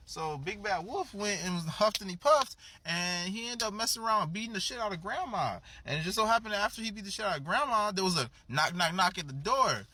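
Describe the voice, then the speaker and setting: A man casually telling a comedic story at home, profane and slangy, acting out the characters' lines with big jumps in pitch. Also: very animated, a little fast, few pauses, bright, forceful tone. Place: home with a dog in the back.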